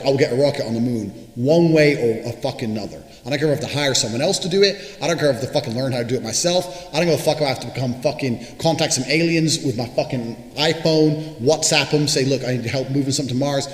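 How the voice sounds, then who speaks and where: A man's voice: mid-range voice, fast talker. A young man giving a brash, boastful monologue to camera, swearing freely as he speaks. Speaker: motivational speaker. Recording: echoey room with long reverb, faint music.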